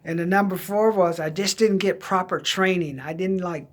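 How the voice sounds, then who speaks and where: His voice sits high and holds steady at an ordinary pace. The speaker, a middle-aged Southern Californian, rambles candidly through personal stories about his past, offered as advice on finding a job, and slips into quoting other people's voices.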